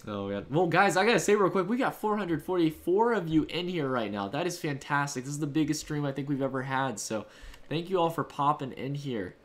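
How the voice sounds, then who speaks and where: A man's voice: on the high side, animated, brisk. A man hosting a live stream, answering his viewers' chat messages in a casual, upbeat, rambling way. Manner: loose, rambling delivery with fillers and restarts. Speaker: livestream host.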